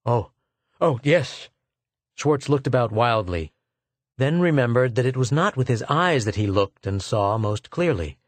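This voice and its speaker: A man narrating an audiobook in a measured, steady read. His voice sits at an average pitch for a man. The recording is close and dry. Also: dry recording. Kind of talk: scripted narration.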